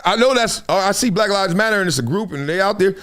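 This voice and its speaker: A man's voice: sits high, fast talker. A middle-aged man hosting a live sports talk stream, telling stories in a casual way and acting out the lines of the people in them. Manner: animated storytelling, acts out quotes. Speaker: host.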